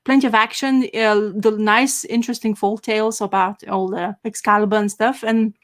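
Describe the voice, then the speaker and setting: A woman's voice: mid-range voice, fairly even intonation, normal speed, fairly bright tone. A woman chatting casually as a podcast co-host, rambling with enthusiasm and many fillers and restarts. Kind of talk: casual chat.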